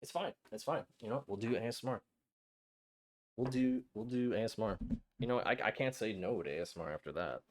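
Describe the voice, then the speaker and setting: A young man streaming a game, chatting to his viewers in an excitable, flustered way with frequent stammers. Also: fairly low pitch, a little fast. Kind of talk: casual live-stream chat.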